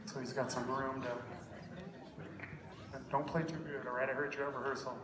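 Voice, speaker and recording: A man's voice: mid-range voice, flat delivery, moderate pace, noisy background. A middle-aged man, a guest trumpet soloist, chatting and joking on stage at a concert in a rambling way, often correcting himself. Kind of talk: onstage banter at a concert. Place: school concert hall stage. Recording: echoey hall, taped from far off.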